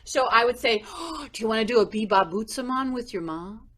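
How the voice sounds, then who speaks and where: A woman's voice: a little high, fairly quick, slight background noise. A woman co-hosting a music education podcast, chatting casually and acting out whispers and gasps as she tells teaching stories. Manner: animated, acts out whispers and gasps. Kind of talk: casual chat.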